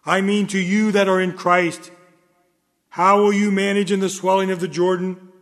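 A man delivering a solemn sermon in a measured, earnest manner. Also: high-pitched, little pitch movement. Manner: solemn, measured, rises in fervor. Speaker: preacher. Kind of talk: sermon reading. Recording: long hall reverb.

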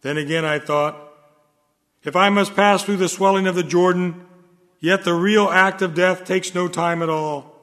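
A man delivering a solemn sermon in a measured, earnest manner. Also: high-pitched, fairly bright tone. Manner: solemn, measured, rises in fervor. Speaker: preacher. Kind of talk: sermon reading. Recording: long hall reverb.

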